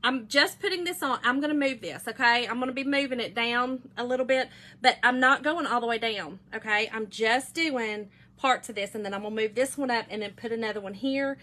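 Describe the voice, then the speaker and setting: A woman's voice: a little high, brisk, bright, forceful tone. A woman hosting a craft livestream, chatting with viewers as she works, laughing often and calling them y'all. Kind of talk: chatty craft demonstration with storytelling.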